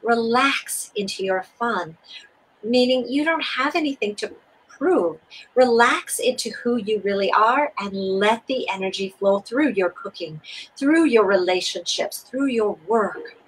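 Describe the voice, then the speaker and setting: A woman co-hosting a spiritual talk, explaining steps in an expressive, soothing and repetitive way. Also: on the high side, measured pace, husky, poor audio. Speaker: co-host. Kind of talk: spiritual teaching conversation.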